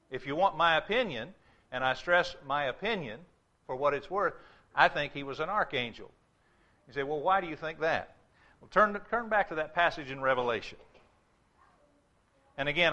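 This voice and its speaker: Male pastor, higher bright voice, emphatic sermon delivery that dips low for warnings. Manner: emphatic preaching, drops low and slow for warnings.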